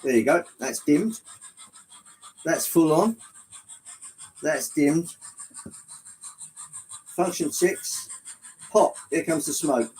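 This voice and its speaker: A middle-aged man hosts a livestream from an indoor hobby room with a layout, running his model trains and explaining them while he casually chats with viewers. His voice sits on the high side and is expressive, darkish and breathy, and he speaks extremely slowly with long pauses. He is chatty and exclamatory and reads the chat aloud, and the audio quality is poor.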